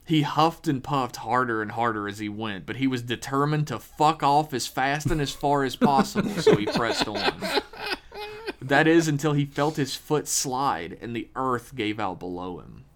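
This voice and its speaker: A man hosting a podcast, reading a horror story aloud with measured, dramatic pauses. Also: medium pitch, fairly bright tone.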